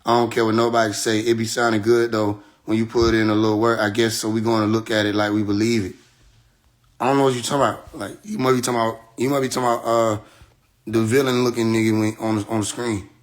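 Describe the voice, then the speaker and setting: A man's voice: lowish voice, level tone, quick pace. Heated man ranting on a livestream. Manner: heated, profane, talks straight at viewers. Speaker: livestream host. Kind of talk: casual livestream rant.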